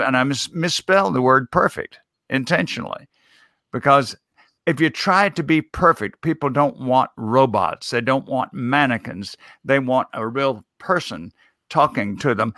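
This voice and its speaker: A man's voice: medium pitch, sharp tone, dry recording, studio quality. A man who works as a speech coach, answering interview questions in a folksy, emphatic way with the odd chuckle. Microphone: video call.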